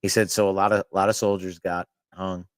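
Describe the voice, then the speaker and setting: A man's voice: low-pitched, little pitch movement, brisk, dry recording, clean studio sound. A man co-hosting a podcast, telling rambling anecdotes in casual chat with frequent laughs and swearing. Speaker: podcast co-host.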